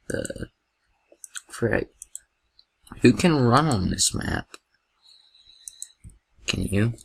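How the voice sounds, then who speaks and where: Gravelly excitable young man gaming. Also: lowish voice, very slow, long pauses, low-quality recording. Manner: excitable, jokey, yelps at scares. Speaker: gameplay commentator. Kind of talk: gameplay commentary.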